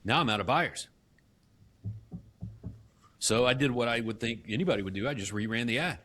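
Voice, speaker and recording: A middle-aged man, a guest in an interview, telling his story with animated acted-out dialogue and frequent restarts. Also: mid-range voice, normal speed. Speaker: guest, real estate company CEO.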